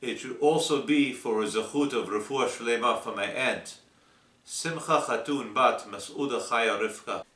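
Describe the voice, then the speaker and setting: A man giving a slow, deliberate weekly Torah portion talk, reading Hebrew verses and explaining them. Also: medium pitch, fairly bright tone, echoey room, recorded from a distance. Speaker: Torah teacher.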